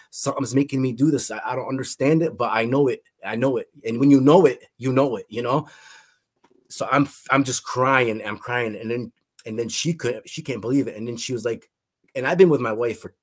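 A middle-aged man with a husky, breathy voice recounts a personal testimony. He speaks earnestly, circling back on his words and restarting sentences as he goes. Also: mid-range voice. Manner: earnest, repeats himself, frequent restarts. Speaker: guest sharing a testimony.

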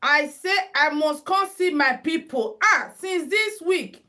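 A woman's voice: high-pitched, animated, slow, pushed and bright. A middle-aged Nigerian woman with a Nigerian accent, hosting a casual beauty livestream on her phone and chatting with her viewers in Pidgin-mixed English. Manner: chatty, addresses viewers as "my people", sing-song calls. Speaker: makeup and headwrap livestream host.

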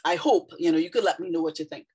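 Trini lady chatting to her viewers, kinda low voice, earnest and chatty. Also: fast talker, a little mellow, husky, low-quality recording. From Trinidad and Tobago. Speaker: video creator. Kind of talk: casual talk to viewers.

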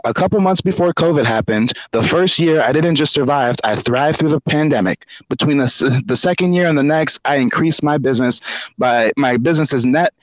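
A man guesting on an interview show, telling a story in lively conversation and often repeating words as he goes. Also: on the high side, dry recording, rough recording.

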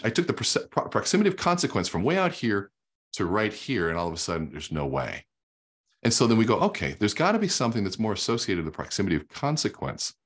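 A man's voice: deep voice, breathy edge. A middle-aged man, a guest sales coach, explaining research with emphatic storytelling and quoted dialogue. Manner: teaching while drawing on a whiteboard. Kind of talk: energetic explanatory talk.

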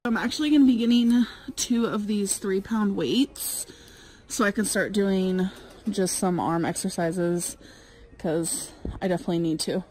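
A woman vlogging casually to camera, chatty and excitable with frequent giggles. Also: medium pitch, unhurried, slight background noise, rough recording.

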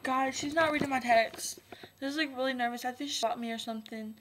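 A woman's voice: high voice, steady tone, quick pace, noisy background. A young woman vlogging casually, anxious and rambling, using lots of "like". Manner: anxious, rambling, heavy "like" filler. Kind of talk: casual vlog.

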